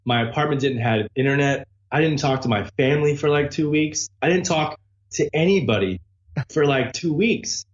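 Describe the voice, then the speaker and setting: A man, a guest musician, telling lively anecdotes in casual conversation and mimicking the people in them. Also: a little high, normal speed, reverberant, highs cut off, slight background noise. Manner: animated, imitates voices in anecdotes. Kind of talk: casual storytelling chat. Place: abroad in a Spanish-speaking country.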